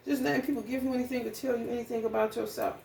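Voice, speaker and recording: A woman's voice: fairly high pitch, steady tone, racing, creaky, a little mellow. Woman ranting during an astrology reading, cussing a lot, heated, echoey room with faint hiss. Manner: blunt and profane, heated. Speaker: astrology reader. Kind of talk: casual spiritual reading and rant. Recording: echoey room, distant mic, faint noise.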